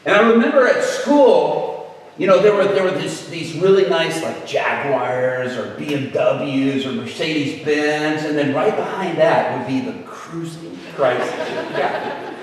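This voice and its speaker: A man's voice: fairly high pitch, a little slow, a little hiss or hum. A man telling a personal story in a sermon, acting out the people he quotes with big jumps in his voice. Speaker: preacher. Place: large hall at an event. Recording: echoey hall from far off.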